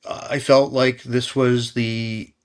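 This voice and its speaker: An American man, a guest on an interview podcast, telling a story in a lively, casual way with many fillers, restarts and chuckles. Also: medium pitch, takes it slowly, smooth. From United States. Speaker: podcast guest, company founder.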